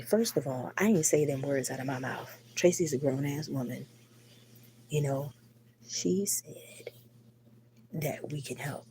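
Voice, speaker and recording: A woman's voice: low voice, measured pace, pauses often. A woman hosting a late-night live stream from home on her phone, talking bluntly and with lots of swearing, rambling while sick with the flu. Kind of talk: casual live stream venting.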